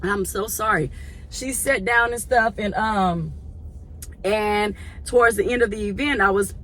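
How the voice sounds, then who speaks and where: A woman and church volunteer telling a casual story to her viewers in a chatty, animated way. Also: medium pitch, a little slow, slight background noise.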